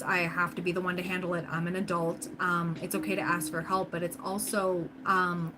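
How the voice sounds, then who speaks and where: Woman doing a tarot livestream, chatty and encouraging, steady hiss behind her. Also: lowish voice. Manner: chatty, encouraging, frequent laughs and fillers. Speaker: tarot reader livestream host. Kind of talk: casual livestream chat.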